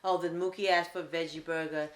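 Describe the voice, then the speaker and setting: A woman's voice: sits low, level tone, fairly quick. A woman casually retelling a restaurant mix-up in a blunt, matter-of-fact way. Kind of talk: casual storytelling. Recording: echoey room.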